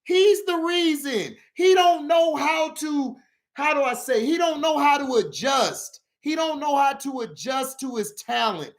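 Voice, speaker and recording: A man hosting a casual sports vlog, ranting animatedly about football, laughing often and shouting for emphasis. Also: very high voice, expressive, measured pace.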